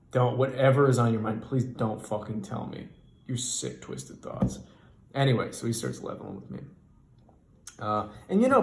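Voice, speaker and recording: A man telling a stand-up comedy story in a profane, animated and exasperated way. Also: medium pitch, roomy sound.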